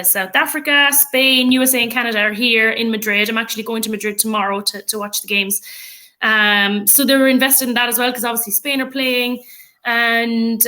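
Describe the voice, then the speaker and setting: An Irish woman talking as a guest in a relaxed podcast chat. Her voice is bright and sits a little high, and she talks in an animated, rambling way with lots of fillers and easy laughter. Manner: chatty and animated, laughs often, many fillers. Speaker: podcast guest, rugby player and coach. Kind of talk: casual chat.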